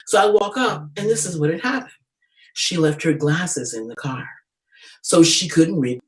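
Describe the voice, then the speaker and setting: A woman doing a stand-up comedy set, telling brash, profane stories in an animated way. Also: fairly low pitch, a little fast, recorded from a distance, slight background noise, rough recording.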